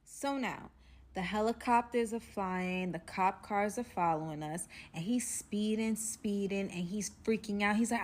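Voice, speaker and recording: A young woman telling a dramatic story to the camera, with loud bursts in an animated storytime vlog. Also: mid-range voice, a little slow.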